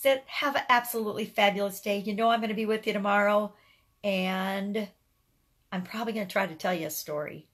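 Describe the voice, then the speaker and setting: Middle-aged woman vlogger, plain motivational chat, earnest, a bit halting at the start of her phrases. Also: mid-range voice. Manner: earnest and upbeat, repeats words at the start of phrases. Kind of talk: casual motivational talk to camera.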